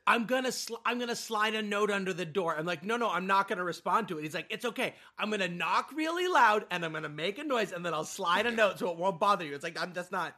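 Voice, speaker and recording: A middle-aged man spins lively family anecdotes in a casual chat. His voice is bright and a little tense, and he acts out the voices of the people in his stories. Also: sits high, fast talker, hardly any pauses. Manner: animated storyteller acting out his kid.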